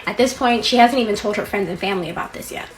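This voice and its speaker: A woman's voice: mid-range voice, fast talker. A woman chatting through a juicy storytime in a middle-range voice. She talks casually and gossips with feeling, jumping into the quoted lines with bursts of energy. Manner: animated, gossipy, acts out quotes. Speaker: storytime creator.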